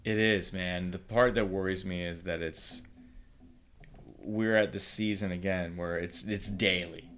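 A low-voiced man in relaxed conversation, blunt and profane. He mimics his children's whining as he goes. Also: a little slow, a little hiss or hum. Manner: blunt, swears freely, acts out his kids' whining. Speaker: podcast guest, father. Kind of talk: casual chat.

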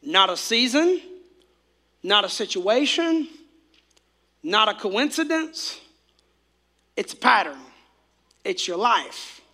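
A man with a very high voice and a bright, forceful edge preaches a lively sermon. He repeats his key lines again and again and urges the congregation to call phrases back to him. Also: slow, pauses often. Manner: exclamatory, repetitive, calls for congregation responses. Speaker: pastor.

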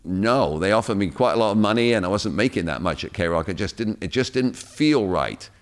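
English male radio personality, deep low voice, chatty anecdotal delivery. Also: fairly quick. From England. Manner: lively storyteller, acts out quotes. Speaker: guest radio DJ. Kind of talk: casual chat, anecdotes.

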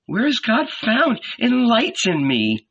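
A man putting on a high anxious village woman. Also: huge pitch swings, slow, creaky, fairly bright tone, breathy edge, highs cut off, full character voice. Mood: earnest. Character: troubled Samaritan woman, eager and anxious.

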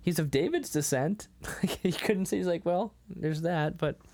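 Chatty man with a lively voice. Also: high voice, normal speed. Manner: laughs often, acts out quotes. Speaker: podcast co-host. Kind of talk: casual chat.

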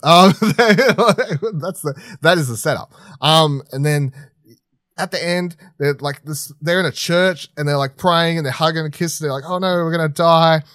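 A man's voice: on the high side, a bit bright, no echo, clean studio sound. A man co-hosting a podcast who chats casually about films, rambling with restarts, swearing freely and laughing often. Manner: laughs often while telling stories. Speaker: podcast co-host. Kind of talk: casual chat reviewing films.

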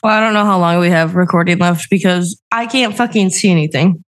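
A woman's voice: lowish voice, brisk. A woman co-hosting a casual podcast over a remote call, rambling, giggling and losing her train of thought. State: just woken up. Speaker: podcast co-host. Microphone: remote call recording.

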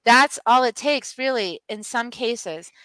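A middle-aged woman speaks as a guest, passionate and rousing, hammering points home by repeating words. Her voice is bright and forceful with a fairly high pitch, recorded dry with no room around it. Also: takes it slowly, smooth, dry recording, low-quality recording. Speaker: guest, medicine woman and mentor. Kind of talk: passionate storytelling in conversation.

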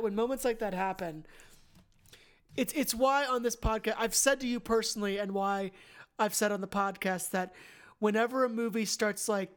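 A woman co-hosting a podcast, talking casually about a film, earnest and emotional, halting when moved. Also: medium pitch. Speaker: podcast co-host. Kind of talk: casual film review chat.

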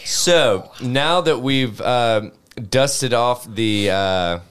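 A man hosting a podcast in casual banter, talking loudly and excitably, swearing freely. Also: mid-range voice, drawn-out words, clear, resonant tone. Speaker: podcast host.

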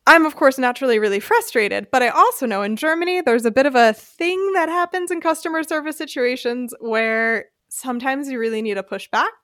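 An American woman hosting a podcast, telling a personal story in a casual, animated way and acting out the voices she quotes. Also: sits high, fairly quick, hardly any pauses, clear, resonant tone, no room sound, clean studio sound. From United States. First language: English. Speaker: podcast host.

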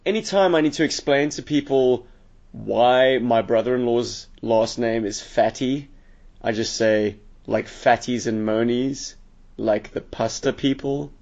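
A man's voice: mid-range voice, unhurried, a little mellow. A man hosting a casual podcast, tipsy, wry and rambling. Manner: rambling, wry, self-mocking. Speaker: podcast host. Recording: dull lo-fi podcast audio.

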